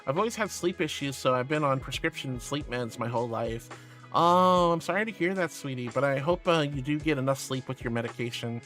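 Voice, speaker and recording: A man's voice: fairly high pitch, animated, fairly quick, pushed and bright, faint music behind. A man streaming as a VTuber, reading chat aloud in a sweet, doting way and calling viewers sweetie and honey.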